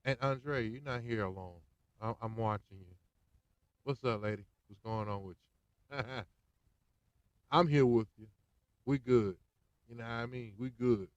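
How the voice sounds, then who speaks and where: Brief: male podcast host, slangy rant, mid pitch, dry close sound. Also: measured pace, long pauses, no echo, highs cut off. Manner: animated, slangy, swings between loud and hushed. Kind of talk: casual political rant.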